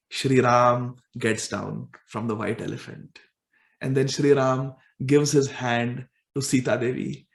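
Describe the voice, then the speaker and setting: A man's voice: a little high, gravelly. A man telling a devotional scripture story in a vivid, emotional way, with asides to his listeners. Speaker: storyteller and preacher. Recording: echoey room.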